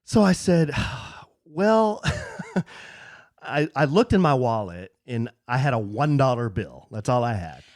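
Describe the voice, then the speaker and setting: A man co-hosting a podcast tells a story with an animated, swinging delivery and keeps slipping into the voices of the people in it. He is recorded close, with a dry, tight sound. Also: mid-range voice, normal speed, hardly any pauses, no room sound. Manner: animated storyteller, acts out quoted voices, laughs often. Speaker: podcast co-host. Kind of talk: casual chat, storytelling. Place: podcast studio.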